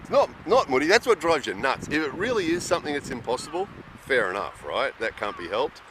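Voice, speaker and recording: A man's voice: mid-range voice, sing-song, brisk, fairly bright tone. Guy venting in a vlog, fed up, outside w wind noise on the mic. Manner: exasperated ranting, mimics people. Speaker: vlogger living abroad. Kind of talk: casual vlog monologue.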